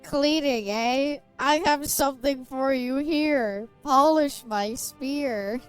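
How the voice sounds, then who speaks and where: A woman voicing a smug, lecherous male master in a slow, teasing drawl. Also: high voice, soft background music, rough recording. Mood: leering.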